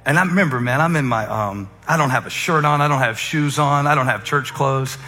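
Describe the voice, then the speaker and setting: A man preaching a sermon as a humorous, conversational story, with fillers and quick asides. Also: mid-range voice, pushed and bright. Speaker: pastor. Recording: echoey hall with faint music.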